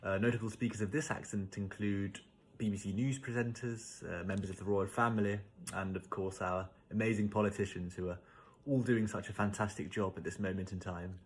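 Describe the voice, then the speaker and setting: A man with a fairly low voice, explaining accents in a casual video. He sounds conversational and wry, and often circles back to rephrase as he goes. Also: steady tone, brisk, a little hiss or hum.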